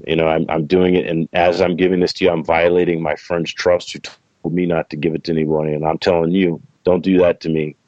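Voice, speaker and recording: A man's voice: deep voice, a little mellow, no room sound. A middle-aged man telling a long story as an interview guest, rambling and correcting himself, with frequent laughs. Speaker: interview guest, plant breeder. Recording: dull, dry sound.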